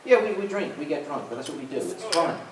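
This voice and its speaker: A Southern man spins a comic tale for a panel crowd, his pitch swinging up and down as he goes. He sounds distant from the mic, caught in a roomy, echoing hall with a faint hiss under him. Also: fast talker. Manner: animated, comic storyteller. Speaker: convention staff panelist. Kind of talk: storytelling to a live panel audience. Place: convention panel room.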